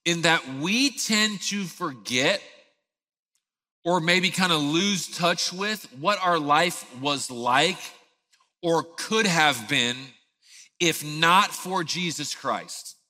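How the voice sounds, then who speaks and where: Pastor, thirties, bright lively storyteller, big hall reverb. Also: male voice, on the high side, takes it slowly. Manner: animated storyteller, acts out scenes. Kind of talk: sermon with a personal story.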